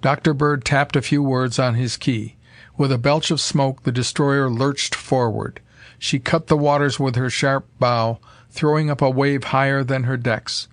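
A man narrating an old adventure story in a steady, measured reading voice. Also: medium pitch, no room sound. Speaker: audiobook narrator. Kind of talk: scripted narration.

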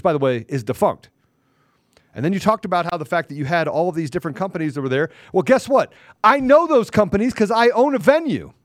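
Combative high-voiced man ranting. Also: no echo, clean studio sound. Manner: combative, confrontational, taunting; curses mildly, repeats phrases for emphasis. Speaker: podcast host. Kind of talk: heated podcast rant.

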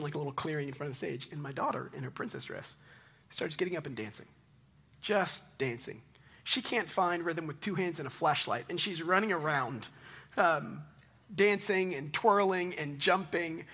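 A man in his thirties preaching a conversational sermon, telling stories in an animated way and closing in prayer. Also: a little high, normal speed, husky. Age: 30s. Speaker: pastor.

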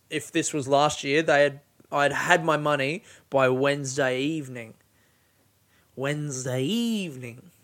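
A man's voice: mid-range voice, fairly bright tone. A young Australian man telling a rambling, sweary comic story about waiting for money.

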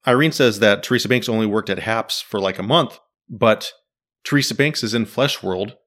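A podcast host animatedly breaks down a TV series in casual conversation, quizzing his co-host along the way. His voice is lowish and a bit bright, at a moderate pace.

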